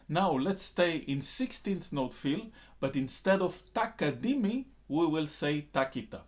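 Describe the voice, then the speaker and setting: A man teaching a rhythm lesson, explaining slowly and then counting in and reciting drum syllables loudly in time. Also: on the high side, expressive, very noisy.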